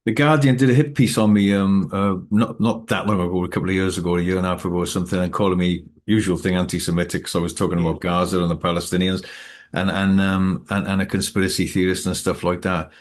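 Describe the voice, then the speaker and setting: A man hosting an interview, talking in a halting way with many restarts. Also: low voice, fairly even intonation. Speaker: podcast host. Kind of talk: conversational interview.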